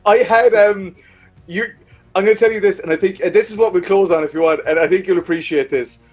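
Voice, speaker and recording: A man's voice: sits high, a little fast, faint music behind. A man with an Irish accent hosting an interview in casual, chatty talk, laughing often and stumbling over his words. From Ireland. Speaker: podcast host.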